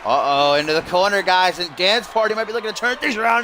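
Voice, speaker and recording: A young man doing mock play-by-play commentary over a wrestling video game, bursting into shouts at big moves. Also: high-pitched, quick pace. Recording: loud game crowd and noise behind. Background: loud arena crowd and game sounds.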